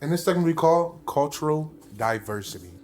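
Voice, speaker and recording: A young man in his twenties co-hosting a podcast, telling stories in a profane, joking, animated casual chat. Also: a little high, a little fast, soft background music. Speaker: podcast co-host.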